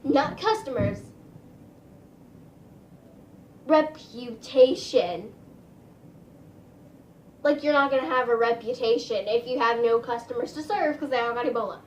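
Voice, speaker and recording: A woman's voice: fairly high pitch, fast, few pauses, roomy sound, recorded from a distance, slight background noise, poor audio. A woman vlogger telling a casual storytime, rambling, with lots of "like" and "um". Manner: chatty, rambling, full of "like" and "um".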